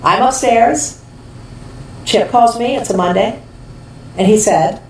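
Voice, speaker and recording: A woman who owns a restaurant, chatting as a podcast guest and telling her story in a lively way, often laughing and acting out what people said. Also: on the high side, takes it slowly, distant mic, a little hiss or hum. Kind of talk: animated storytelling in casual chat. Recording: roomy echo, a bit off-mic, faint ambience.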